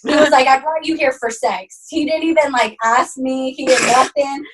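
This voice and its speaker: Young woman, podcast co-host, casual storytelling, animated and profane, slightly high voice, sits a bit off-mic. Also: normal speed, far from the mic, noisy background. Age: young adult. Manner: animated, swearing, acts out quotes with big pitch jumps.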